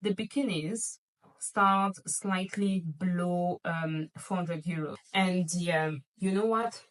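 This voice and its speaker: A woman's voice: fairly low pitch, steady tone, takes it slowly, distant mic, rough recording. Gushing woman vlogger, slightly off-mic. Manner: gushing, playful, addresses viewers directly. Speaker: luxury shopping vlogger. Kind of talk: casual chatty haul video.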